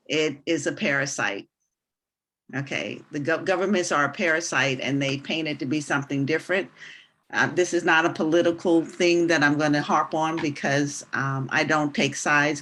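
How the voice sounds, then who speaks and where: A woman speaking in an earnest, deliberate, preacherly way in a live online business presentation. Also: sits low, a bit bright.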